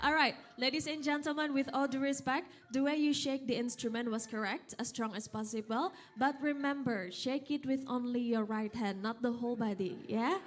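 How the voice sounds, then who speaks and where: A young Indonesian woman from West Java, whose first language is Sundanese, leads an audience workshop as an angklung instructor in a hotel event hall. Her voice is a little high and moves at a moderate pace with few pauses. She's lively and coaxing, counting out and calling commands.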